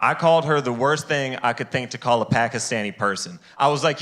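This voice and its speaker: A man performing a stand-up comedy set on a live stage, jumping into high, loud voices to act out other people. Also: brisk.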